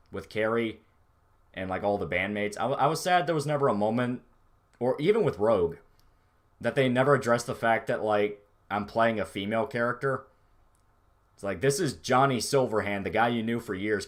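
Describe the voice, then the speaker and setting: A man with a somewhat low voice talks through a relaxed livestream. He rambles loosely from one thought to the next and swears freely as he answers his chat. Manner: rambling, profane, laid-back. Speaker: streamer reading chat.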